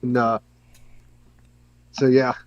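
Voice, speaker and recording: A man's voice: mid-range voice, little pitch movement, takes it slowly, no room sound, highs cut off. A man in a casual group chat who often asks questions and sounds unsure.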